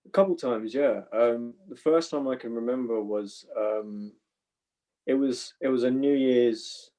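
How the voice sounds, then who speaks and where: A man's voice: mid-range voice, a little slow, dark tone, rough recording. A man, an actor guest on a podcast, telling laid-back anecdotes with chuckles. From London. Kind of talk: casual podcast storytelling.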